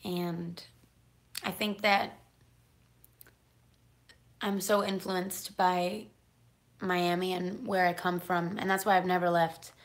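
A young woman chatting excitedly on a live stream, dropping into whispers now and then. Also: on the low side, takes it slowly, pauses often. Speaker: singer doing a live Q&A stream. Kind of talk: casual live-stream chat.

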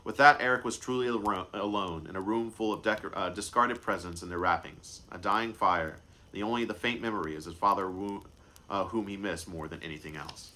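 A man with a low, deep voice reads his own story aloud in a live reading. He trips over words now and then and goes back to fix them, keeping an unhurried storytelling tone. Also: pushed and bright. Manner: unscripted stumbles and self-corrections. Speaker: author and narrator.

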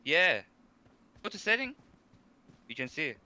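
Calm male teammate. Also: fairly high pitch, measured pace. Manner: calm, patient instructions in broken English. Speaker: teammate giving game tips.

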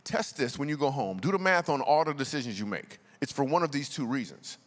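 Speaking to a church congregation, this guest comedian spins humorous tales with a casual, slang-heavy, conversational feel. He has an expressive mid-range voice and speaks a little fast. The sound carries the long echo of a large church hall, where he is standing in the auditorium.

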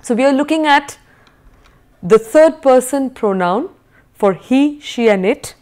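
A woman giving a recorded Sanskrit lesson, her voice a little higher than most. She speaks slowly and deliberately, drilling each word with careful pronunciation. Her pitch rises and falls widely, climbing sharply on questions. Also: lively intonation, a little mellow. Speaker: Sanskrit teacher. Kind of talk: recorded video lecture.

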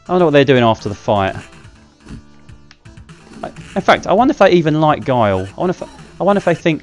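A man's voice: a little high, very animated, quick pace, pauses often, soft background music. Chatty self-mocking man gaming. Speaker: gaming channel host. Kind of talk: casual gameplay commentary.

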